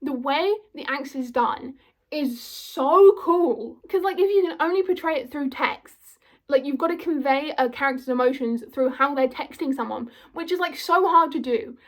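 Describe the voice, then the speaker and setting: A young woman talks straight to her viewers in an eager, rambling vlog. Her voice sits high, and she peppers every thought with "like" as she gushes. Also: normal speed. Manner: gushing, filler-heavy, full of "like". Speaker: vlogger. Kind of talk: casual vlog chat.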